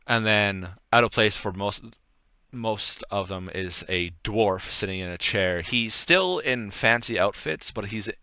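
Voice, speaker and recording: A low-pitched man narrates as game master in a relaxed, rambling manner, pausing often with fillers. His voice is bright and forward. The sound is dry and close, with no room around it. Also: clean tone, dry recording. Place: home setup on stream.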